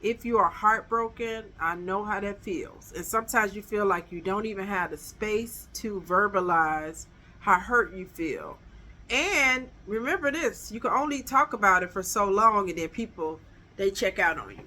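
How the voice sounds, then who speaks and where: A woman's voice: medium pitch, animated, normal speed, bright, forceful tone, slight background noise. A middle-aged woman, giving emphatic, chatty dating advice straight to her viewers. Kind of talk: casual advice vlog.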